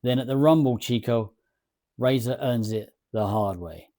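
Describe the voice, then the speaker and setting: A cocky male wrestler taunts his rival with swagger, as a man reads him out in a mellow, warm voice. The delivery is dry and close, with a plain everyday tone rather than a big character voice. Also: mid-range voice, measured pace, dry recording, close to an everyday voice. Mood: boastful.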